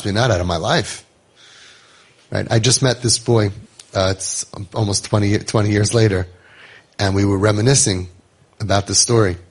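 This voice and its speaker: A middle-aged man, telling stories from founding a home for troubled youth to parents, conversational and animated. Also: lowish voice, slightly rough. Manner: conversational, animated, acts out quotes. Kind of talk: storytelling talk to parents.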